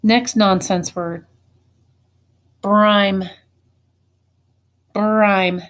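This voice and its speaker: A woman teacher giving a spelling test, saying each word slowly and deliberately and then saying it again. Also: medium pitch, fairly even intonation, fairly bright tone, clean tone. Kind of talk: slow spelling dictation.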